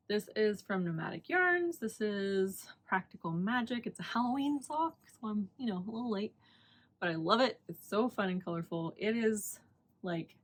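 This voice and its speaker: Chatty lady rambling about her knitting, laughs a lot, mid-pitched easy voice. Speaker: knitting podcast host. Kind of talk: casual chat.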